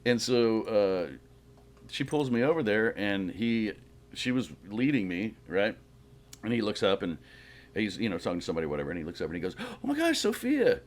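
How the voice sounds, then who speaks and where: A middle-aged man, a guest actor, chatting casually and telling rambling, animated stories. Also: fairly low pitch, fairly quick. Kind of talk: casual chat.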